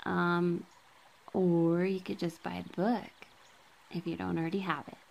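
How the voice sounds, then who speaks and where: A woman reads from a book at an unhurried, slow pace, her low voice catching in a gravelly fry. She marks every quoted passage aloud and breaks off for relaxed asides full of ums. She films herself on a handheld camera. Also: poor audio. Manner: casual, with frequent ums. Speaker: book vlogger.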